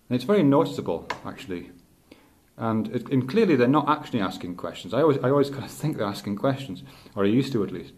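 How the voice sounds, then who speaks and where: A middle-aged male teacher thinking aloud in a halting, reflective way, with many restarts. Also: medium pitch, animated, darkish tone. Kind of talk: unscripted spoken reflection.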